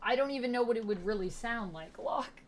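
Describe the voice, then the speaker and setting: A female gaming livestreamer chats playfully with her viewers and counts exercises aloud in a casual stream. Her voice is fairly high and brisk, with a little hiss or hum in the audio.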